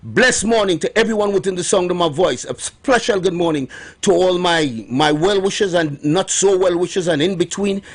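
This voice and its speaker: Emphatic Trinidadian male radio host. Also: sits high. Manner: emphatic, repeats key points slowly. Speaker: radio host promoting herbal remedies. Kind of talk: morning radio talk.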